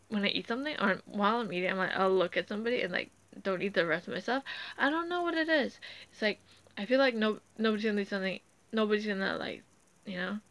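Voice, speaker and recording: Over a rough recording, a woman with a medium, slightly bright voice tells an unscripted personal story about her family and history. Her speech wanders, full of fillers and false starts, and she grows emotional, near tears in places.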